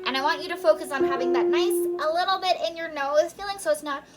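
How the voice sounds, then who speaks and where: A young woman giving a recorded voice lesson, talking students through warm-ups with clear, encouraging instructions. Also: high voice, fast, loud music behind the voice. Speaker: voice teacher.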